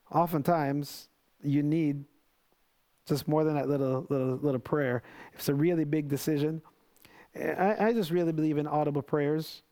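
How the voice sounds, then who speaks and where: A man preaching a sermon in an earnest, conversational way, with many restarts and lively quoted prayers. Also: on the high side.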